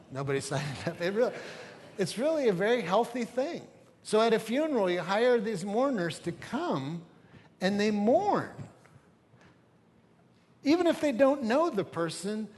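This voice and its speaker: A man's voice: high voice, darkish tone. A middle-aged man preaching a sermon as a pastor, telling stories conversationally and with humor, in a church sanctuary. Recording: reverberant church hall with faint ambience.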